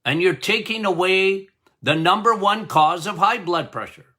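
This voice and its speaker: A man who is a doctor hosts a health podcast, speaking emphatically, repeating key words to drum his points home and laughing at his own jokes. His high voice has a sharp tone and a moderate pace.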